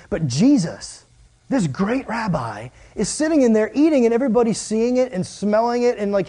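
High-voiced animated young male preacher. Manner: animated, jokey, acts out quoted voices. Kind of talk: casual storytelling sermon.

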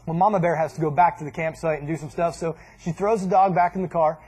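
A man's voice: fairly high pitch, fast, breathy edge. A man casually telling a funny camping story to a group, acting out voices as he goes. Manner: animated, acts out voices and laughs.

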